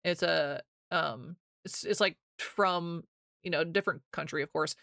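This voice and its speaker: A woman's voice: fairly low pitch, unhurried, vocal fry, fairly bright tone, no echo, clean studio sound. A young American woman streaming live, chatting casually with her viewers, rambling and laughing often as she reads chat aloud.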